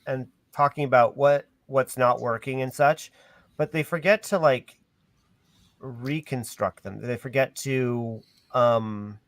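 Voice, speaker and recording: A man's voice: medium pitch, fairly even intonation, slow, no room sound. A man hosting a casual discussion on a call, hesitant and full of ums and restarts. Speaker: host.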